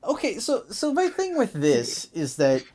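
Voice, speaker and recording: Podcast host, mid pitch, casual review chat, quick to exasperated outbursts. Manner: animated, exasperated, laughs often.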